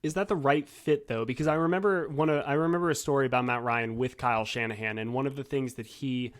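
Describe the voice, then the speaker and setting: A man who is a guest on a casual sports podcast and a sports writer, speaking at an ordinary middle pitch. He gives thoughtful, hedging analysis and often circles back to restart a thought. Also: fairly even intonation, quick pace.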